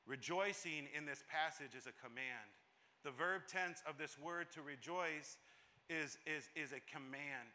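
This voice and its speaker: A male pastor preaching a sermon with a high, very bright, piercing voice. He drives his points home through repetition and often stumbles and restarts a phrase. His tone stays emphatic throughout.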